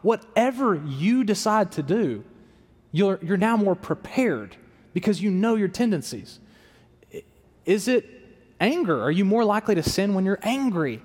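High-voiced male pastor preaching in a hall. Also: very animated, a little slow, a little mellow, husky. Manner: conversational preaching, acts out quoted self-talk. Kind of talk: sermon. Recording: reverberant hall sound.

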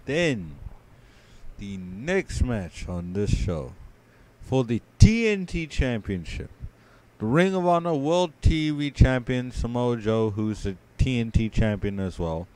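A man co-hosting a podcast, giving a casual play-by-play recap of a wrestling match, sleepy and yawning, his voice trailing off quietly with many ums. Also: mid-range voice, animated, slow pace. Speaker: podcast co-host.

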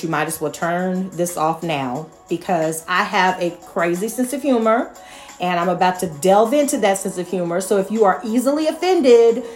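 A middle-aged mother talking casually to viewers, earnest and repetitive, with laughing asides. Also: mid-range voice. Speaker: mother sharing her views.

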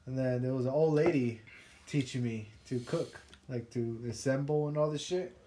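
A man's voice: medium pitch, normal speed, mellow, slight background noise. A young man telling casual, profane work stories on a podcast with a laid-back, laughing manner. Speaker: podcast co-host. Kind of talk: casual storytelling chat.

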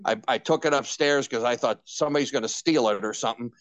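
A man's voice: mid-range voice, quick pace, dry recording. An older man and veteran radio personality, telling candid stories in an interview, with many restarts and acted-out quotes. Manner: animated anecdotes with many restarts and quoted dialogue.

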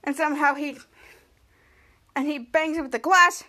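A woman with a very high, bright voice recaps a TV episode scene by scene. She strings the scenes together with one "cut to" after another and jumps into the characters' lines as she goes. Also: fairly even intonation, moderate pace. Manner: retells scene by scene, acting out quotes. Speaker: podcast host.

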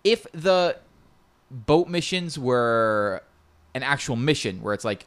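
A man's voice: mid-range voice, a little slow, a bit bright. A man in casual chat about video games, rambling and repeating words as he explains.

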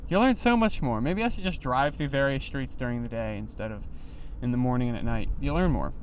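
A young man hosting a solo podcast while driving, rambling in a loose, animated way with lots of fillers. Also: mid-range voice, a little fast, slight background noise. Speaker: podcast host. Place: inside a car.

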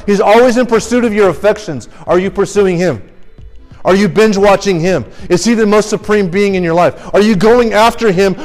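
A young man with a high voice preaches a sermon to a youth crowd. He pushes hard with question after question, urgent and exhorting. Faint music plays behind him. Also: darkish tone.

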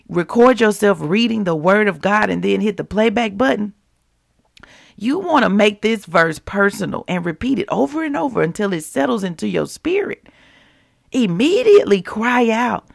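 Woman podcast preacher, gravelly, mid-pitched, casual heartfelt teaching, dry close recording. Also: no echo. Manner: conversational, preachy, keeps it real with listeners; repeats scripture slowly for emphasis.

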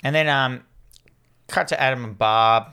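A man's voice: mid-range voice, unhurried, sharp tone, smooth. A man, co-hosting a casual chat, retelling a film plot with wry, sarcastic asides. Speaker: podcast co-host.

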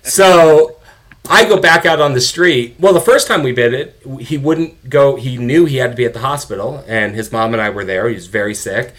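A middle-aged man, a father, telling a candid story in a conversation, animated, now and then swearing and acting out the people he quotes. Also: medium pitch, moderate pace. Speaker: guest, father of an addicted son.

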